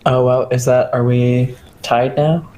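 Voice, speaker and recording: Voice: medium pitch, fairly even intonation, takes it slowly, warm tone. A co-host in a casual talk show, making wry, sarcastic jokes. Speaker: podcast co-host. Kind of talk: casual chat. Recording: roomy echo.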